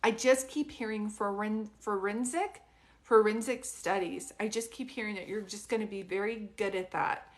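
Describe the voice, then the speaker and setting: A chatty woman gives a relaxed live psychic reading from home, her voice sitting at a medium pitch. She rambles along with plenty of fillers and quick restarts. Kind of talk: casual live-stream reading. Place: at home with a dog nearby.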